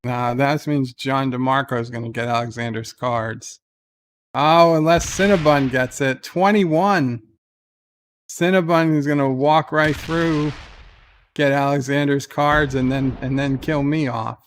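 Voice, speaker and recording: Slow-talking male streamer cursing at a game. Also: mid-range voice, fairly even intonation, slight background noise. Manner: exclaiming and grumbling at the game. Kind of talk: live game commentary.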